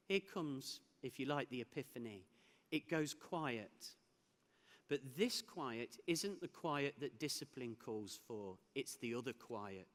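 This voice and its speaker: A man's voice: medium pitch, lively intonation, slow, a bit bright. A man giving a conference keynote, telling a personal story with laughs and restarts. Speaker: keynote speaker. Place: large hall. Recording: hall with long reverb.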